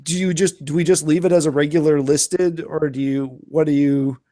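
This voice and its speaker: A man with a slightly high voice chats casually as a podcast co-host. He hesitates and restarts his sentences as he thinks aloud. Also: fairly even intonation, moderate pace, mellow. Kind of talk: casual chat.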